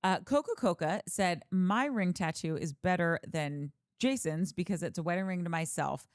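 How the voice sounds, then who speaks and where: Podcast cohost lady reading fan comments, kinda low voice, dead dry mic. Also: normal speed, dry recording. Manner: chatty, reads comments aloud. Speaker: podcast co-host. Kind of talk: casual chat, reading listener comments.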